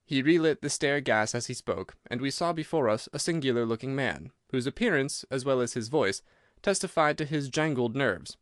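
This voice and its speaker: Male audiobook narrator, mid-pitched, measured and steady; dry close mic. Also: dry recording. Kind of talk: scripted narration.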